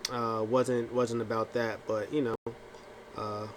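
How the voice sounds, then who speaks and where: Dude rambling about last night's wrestling, lots of um and uh, kinda faint hiss in the back. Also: male voice, medium pitch, flat delivery, takes it slowly. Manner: rambling with many fillers and restarts; acts out quotes in funny voices. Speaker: wrestling recap vlogger. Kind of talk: casual recap talk.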